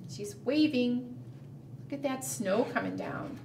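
A woman librarian reading a picture book aloud at a preschool storytime, gentle and sing-song, asking the children questions. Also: on the high side, unhurried, gravelly, reverberant, far from the mic, a little hiss or hum.

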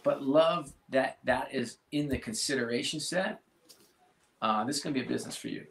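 A man being interviewed as a sports executive, speaking earnestly and haltingly with many restarts. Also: mid-range voice, creaky, a bit bright. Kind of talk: casual interview talk. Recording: roomy echo.

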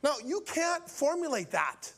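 A male preacher telling a story from the pulpit in an animated way, acting out each character's lines. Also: very high-pitched, a little slow. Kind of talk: storytelling sermon.

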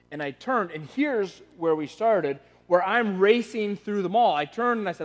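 High-voiced preacher telling a story. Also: male voice, lively intonation, fairly quick, hardly any pauses. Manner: conversational, frequent restarts and repeated words. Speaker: pastor. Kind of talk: sermon storytelling. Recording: long reverb of a large hall.

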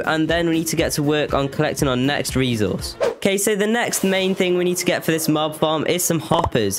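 A man giving casual let's-play commentary on his game, chatty and quick to exclaim in alarm. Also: a little high. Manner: chatty, exclaims and panics when mobs attack. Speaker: gaming YouTuber.

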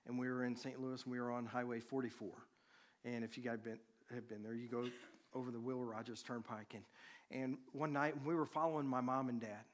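A man preaching, a pastor telling a personal story to his congregation in a conversational, animated way. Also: mid-range voice.

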